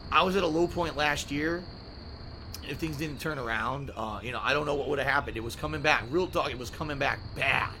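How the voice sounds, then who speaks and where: A man's voice: medium pitch, noisy background. A man hosting a live-stream podcast from home, talking earnestly and emotionally and close to tears while he reads viewer messages and signs off. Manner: casual, with swearing and filler words. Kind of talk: heartfelt sign-off while reading viewer messages.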